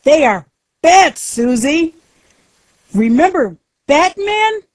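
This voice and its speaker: A protective father, read by a woman in her own voice, gives urgent, commanding instructions. The delivery is very slow and lively in pitch, in a dry, close recording. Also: dry recording, exaggerated voice. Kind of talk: storybook reading.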